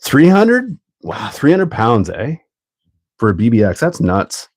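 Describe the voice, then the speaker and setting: A man hosting a casual livestream while building a kit, rambling and thinking out loud, often laughing. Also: on the low side, very animated, unhurried, breathy edge, no echo.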